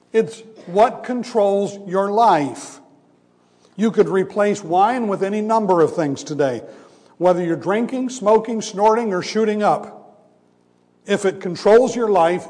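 Pastor guy preaching, high voice, lots of hall reverb, hammers home his points. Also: a little mellow. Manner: teaching, emphatic contrasts, slows to stress points. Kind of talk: sermon. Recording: long reverb of a large hall.

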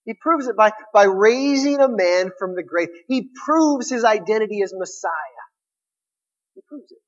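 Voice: medium pitch, expressive, moderate pace, lo-fi sound. A preacher giving a sermon, retelling a scripture story in an emphatic, conversational way.

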